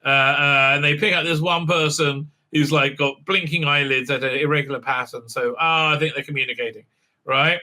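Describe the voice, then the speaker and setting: A man's voice: fairly high pitch, fairly even intonation, moderate pace, pushed and bright, poor audio. A man hosting a sarcastic, casual TV episode recap, mocking and rambling with many fillers. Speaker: host and TV reviewer.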